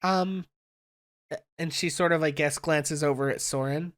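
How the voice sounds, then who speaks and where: Halting game master narrating a tabletop game. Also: mid-range voice, fairly even intonation, a bit bright. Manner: halting, lots of ums and uhs.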